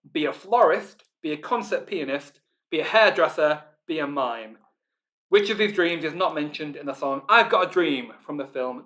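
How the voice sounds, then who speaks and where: Bright, chatty Northern English man. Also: fairly high pitch. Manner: chatty and informal, many ums, reads questions slowly and repeats them. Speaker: quiz host. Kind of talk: live online pub quiz hosting.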